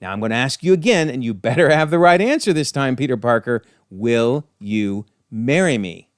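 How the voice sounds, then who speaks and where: A man's voice: medium pitch, animated, moderate pace, dry recording, studio quality, lightly acted. A man reading aloud the lines of a spirited young woman, loving and teasing toward her husband. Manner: read aloud from comic panels.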